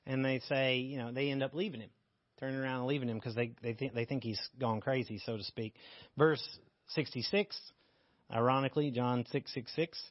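A man's voice: mid-range voice, fairly even intonation, a little fast, dry recording, lo-fi sound. A man teaching a Bible passage in a casual, candid way, joking as he reads and explains scripture. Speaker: preacher.

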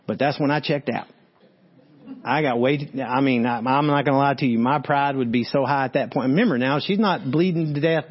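A man preaching a sermon, reading Bible verses and talking straight to his listeners. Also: medium pitch. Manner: animated, talks straight to listeners, reads verses then comments. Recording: dull lo-fi sound.

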